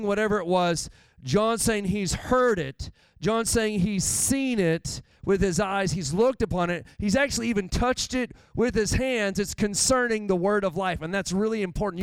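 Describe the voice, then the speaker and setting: Smooth-voiced pastor preaching. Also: male voice, high voice, dry recording. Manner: conversational and animated, with asides. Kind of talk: sermon.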